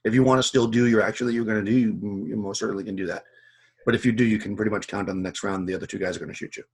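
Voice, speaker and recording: Male game master, low husky voice, loose rambling narration. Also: rapid-fire. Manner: relaxed, rambling with fillers.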